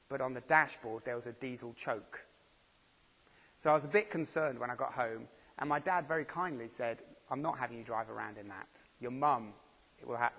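A man's voice: mid-range voice, creaky, fairly bright tone, husky. A man preaching a sermon, chatty and full of rhetorical questions. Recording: long reverb of a church hall.

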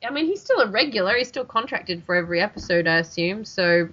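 A woman with an Australian accent co-hosting a podcast in casual chat, talking fast with lots of restarts and fillers. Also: mid-range voice, very animated, fairly bright tone. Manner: chatty, many restarts and fillers. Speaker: podcast co-host. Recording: dull lo-fi recording.

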